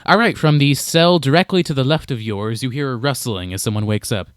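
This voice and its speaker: A young man narrating and explaining rules as game master of a tabletop game, relaxed and playful. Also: mid-range voice, a little fast, clear, resonant tone, no room sound.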